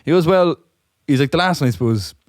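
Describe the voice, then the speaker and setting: A man talks his way through a long, rambling joke, hungover and laughing at his own setup. His voice is mid-pitched and sits dry and close to the mic. He swears freely and loses the thread now and then. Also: expressive, racing, darkish tone, no room sound. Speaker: podcast co-host. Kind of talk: casual chat, telling a long shaggy-dog joke.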